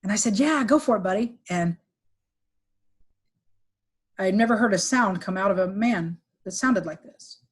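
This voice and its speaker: A middle-aged woman recounting a painful family story on a podcast, with halting restarts and fillers, sometimes quoting others in livelier voices. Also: mid-range voice, husky. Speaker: podcast guest, executive recruiter. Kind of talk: emotional personal storytelling.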